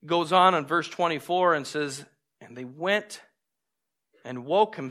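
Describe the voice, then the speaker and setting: A man preaching a sermon, telling stories with lively, acted-out moments and drawing lessons from scripture. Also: on the high side, measured pace. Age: adult with a young son. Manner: animated storytelling, acts out scenes. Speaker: pastor.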